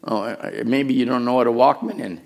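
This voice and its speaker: A middle-aged man preaching a sermon as pastor, telling a story with hushed asides and raised, urgent lines. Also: medium pitch, a little fast, gravelly. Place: church.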